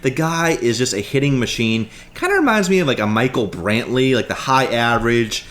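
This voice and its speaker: A man's voice: medium pitch, very animated, a little fast, fairly bright tone. A man appearing as a guest analyst, talking casually and reeling off numbers with many fillers. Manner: rattles off stats, many "like" and "you know" fillers. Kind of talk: casual sports chat.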